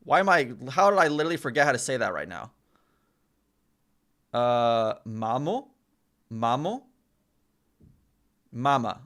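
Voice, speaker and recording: A man's voice: mid-range voice, sing-song, unhurried, pauses often, fairly bright tone. A man live-streaming as he practises a language, chatting casually, reading the chat aloud and repeating sounds over and over. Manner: reads chat aloud, chatty and self-mocking.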